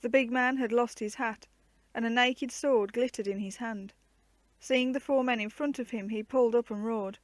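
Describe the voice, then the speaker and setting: Expressive woman reading a storybook. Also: on the high side, no echo. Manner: measured, expressive narration. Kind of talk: reading a children's adventure book aloud.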